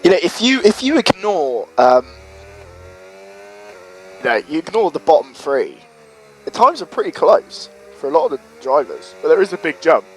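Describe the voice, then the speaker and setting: Lively co-commentator, higher voice. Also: male voice. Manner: quick interjections, joking. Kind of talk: casual live-stream commentary. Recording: home stream mic with faint noise.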